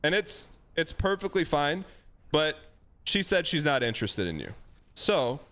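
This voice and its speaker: A man hosting a live stream gives a caller emphatic, folksy dating advice in a casual chat, full of dog metaphors. His voice is fairly high and unhurried, and his manner is animated.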